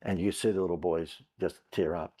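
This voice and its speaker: A man's voice: low-pitched, fairly even intonation, brisk, warm tone. A man, a guest on a podcast, telling long anecdotes in a chatty way with frequent "uh" fillers. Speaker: guest entrepreneur. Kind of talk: conversational storytelling.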